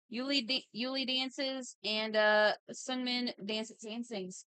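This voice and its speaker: A woman's voice: on the high side, steady tone, slow pace, few pauses, sharp tone, clear, resonant tone, no room sound. A woman in her thirties hosting a livestream, chatting playfully and reading out chat messages while she draws. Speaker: livestream host.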